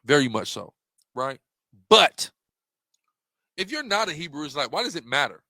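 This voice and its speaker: A man's voice: on the high side, big pitch swings, normal speed, bright, forceful tone, dry recording, clean studio sound. A man giving an impassioned, rhetorical monologue while walking through slides, repeating questions for emphasis. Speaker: religious debater presenting slides.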